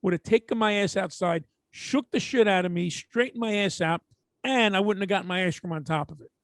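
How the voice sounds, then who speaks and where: A middle-aged man with a New York accent, co-hosting a podcast and telling a story in a casual, animated way. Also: high voice, a little fast, no echo. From Brooklyn, New York. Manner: animated storyteller, mimics people in quotes. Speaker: podcast co-host.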